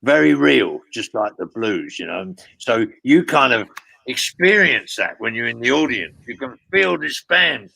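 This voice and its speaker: A man's voice: medium pitch, lively intonation, measured pace, gravelly, pushed and bright, no room sound, rough recording. An older man telling long rambling road stories in a casual interview, swearing freely and padding with "you know what I mean". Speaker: guest storyteller.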